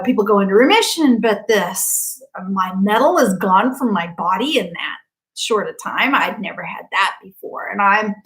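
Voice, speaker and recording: A woman in a casual storytelling monologue with a voice of middling pitch. She talks in a chatty, animated way, full of fillers, and acts out what others said. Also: rough recording. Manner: animated, acts out quoted speech. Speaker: quantum healing practitioner.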